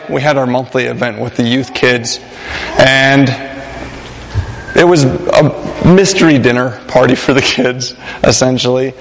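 A man's voice: mid-range voice, vocal fry. A young man preaching a sermon in a church, casual and joking with many fillers. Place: church sanctuary. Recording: long hall reverb.

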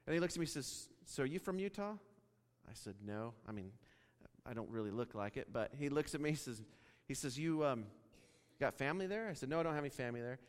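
A man from Wyoming preaching a sermon, telling a story and acting out the dialogue in an animated way. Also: mid-range voice, fast. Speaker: pastor. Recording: long reverb of a large hall.

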